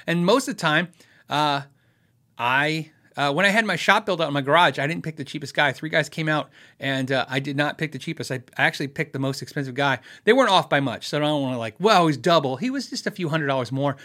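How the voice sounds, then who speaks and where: A man with a fairly high, bright and forceful voice hosts a casual live Q&A. He rambles in an easygoing way, with plenty of fillers, restarts and short laughs. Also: expressive, quick pace. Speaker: livestream host answering viewer questions on guitars.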